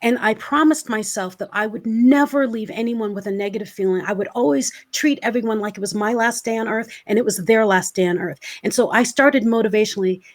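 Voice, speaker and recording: A woman's voice: fairly high pitch, a little fast, hardly any pauses. A woman in her forties, a motivational speaker, telling her personal story in an interview with earnest emotion. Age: 40s. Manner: earnest, emotional, acts out her own past words.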